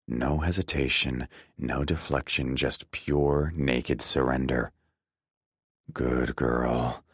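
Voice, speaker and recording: A man narrating a romance audiobook in the first person, low, intense and measured. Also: fairly bright tone, breathy edge, no echo, studio quality.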